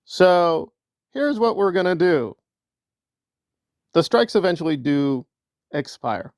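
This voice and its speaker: A man's voice: a little high, very animated, takes it slowly, a little mellow, no room sound, studio quality. A man giving a combative, sarcastic ranting commentary as an online commentator, often repeating himself.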